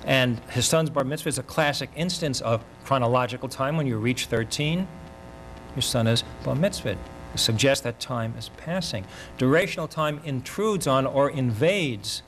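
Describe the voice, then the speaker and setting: Older male lecturer, measured and reflective. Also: medium pitch, slight background noise, rough recording. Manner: measured, reflective, pausing mid-thought. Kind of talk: academic lecture. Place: university lecture.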